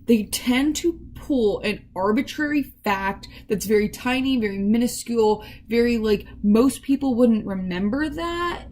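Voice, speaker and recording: A woman's voice: on the high side, a little mellow, a little hiss or hum, rough recording. A woman contestant talking in a confessional, chatty and full of fillers. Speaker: online game contestant.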